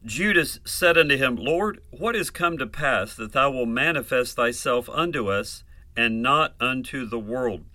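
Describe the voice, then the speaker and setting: Male preacher, slow and measured delivery, crisp bright tone, closely miked with no room sound. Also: medium pitch, expressive, dry recording. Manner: slow and deliberate, asks rhetorical questions then answers. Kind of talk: verse-by-verse Bible teaching.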